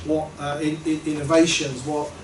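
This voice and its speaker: A man giving a reflective workshop talk to a group, earnest and halting, often trailing off softly. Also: on the high side, flat delivery. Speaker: workshop presenter. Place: meeting room. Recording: echoey room from far off, noisy.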